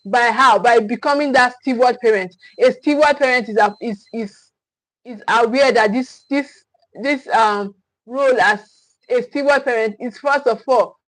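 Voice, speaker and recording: A woman's voice: on the high side, a little slow, no room sound, poor audio. A woman parenting coach giving a livestream teaching talk, repeating her key phrases with emphasis and often checking in with "okay?". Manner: frequent restarts and checking "okay?".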